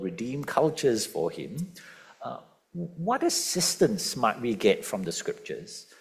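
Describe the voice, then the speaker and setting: A man preaching a sermon, asking the congregation questions and stressing key words. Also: mid-range voice. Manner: lively, questioning the congregation, emphatic quotes. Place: church.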